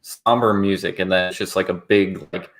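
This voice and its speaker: A man with a lowish voice co-hosts a podcast in casual chat. He is blunt and wry and peppers his talk with "like". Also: steady tone, normal speed, a bit bright. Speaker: podcast co-host.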